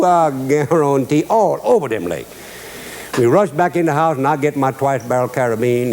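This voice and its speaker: A man's voice: medium pitch, darkish tone, slight background noise. A man with a Cajun accent hosting a cooking show, mixing kitchen steps with a drawling dialect story and chuckling at his own jokes. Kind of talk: folksy cooking demonstration with storytelling.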